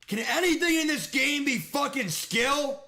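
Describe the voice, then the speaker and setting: A man's voice: very high-pitched, animated, a little slow, pushed and bright. A young man streaming a football video game, ranting and swearing in frustration as he plays. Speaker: gaming streamer. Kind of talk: live game commentary rant.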